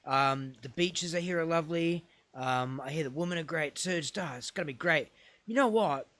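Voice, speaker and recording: A man putting on an excitable boastful immigrant guy. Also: normal speed, dry recording, close to an everyday voice. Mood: excited. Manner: excited, emphatic, high-pitched. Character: eager boastful immigrant man, loud and keen.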